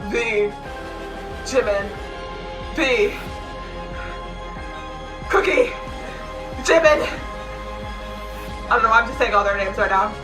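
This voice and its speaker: A woman doing a reaction vlog, excitable and quick to shriek, swearing freely and rambling with lots of fillers. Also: mid-range voice, music in the background, low-quality recording. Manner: rambling, filler-heavy storytelling. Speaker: YouTube reaction vlogger. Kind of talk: reaction commentary.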